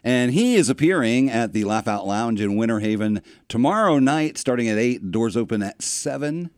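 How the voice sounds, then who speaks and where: A man's voice: mid-range voice, animated, normal speed, darkish tone, no room sound, studio quality. A man hosting a radio show, chatting casually with an easygoing manner and short agreeing replies. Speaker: radio host. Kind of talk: casual radio interview chat.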